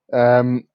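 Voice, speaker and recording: Slow-talking man, dull lo-fi mic. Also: mid-range voice, a little hiss or hum. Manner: laid-back, hesitant with ums, chuckles at own jokes. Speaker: podcast co-host. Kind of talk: casual banter podcast.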